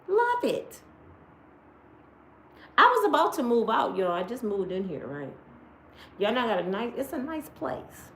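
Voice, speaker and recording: Blunt, animated woman in an echoey room. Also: a little high, slight background noise. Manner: blunt, profane, animated storytelling. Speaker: live-stream host. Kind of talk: casual live-stream chat. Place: at home.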